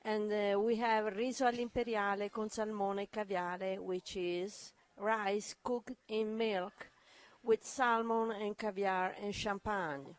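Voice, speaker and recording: A woman with an Italian accent speaks slowly in a radio interview at a restaurant. She pauses often, hunting for the right English words as she explains the food. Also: medium pitch, fairly even intonation. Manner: halting, searching for words. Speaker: restaurant representative.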